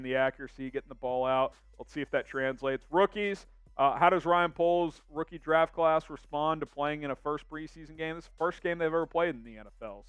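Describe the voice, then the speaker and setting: A man's voice: mid-range voice, fairly bright tone, clear, resonant tone, dry recording. A young man hosting a casual sports live stream, reading out viewer comments in an upbeat way.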